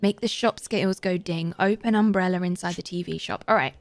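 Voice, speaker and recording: A British woman streamer chatting casually as she plays, reading out chat and getting excitable. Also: on the low side, fairly quick, no room sound. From Britain. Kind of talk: casual gaming commentary.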